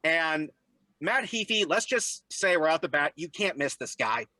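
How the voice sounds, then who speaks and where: A young man telling stories in a casual interview, animated and jumping into high voices when he quotes people. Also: a little slow, no room sound. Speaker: guest.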